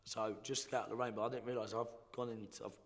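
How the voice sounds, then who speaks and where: A man's voice: fairly low pitch, flat delivery, racing. Blunt slangy man in a reverberant hall. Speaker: guest. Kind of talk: casual storytelling.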